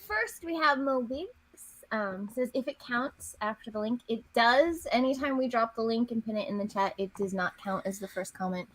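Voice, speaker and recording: A woman's voice: a little high, normal speed, low-quality recording. A woman co-hosting a livestream, reading out viewer comments in a playful, teasing way. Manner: playful, teasing, swears casually. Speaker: livestream co-host reading chat. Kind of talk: casual chat.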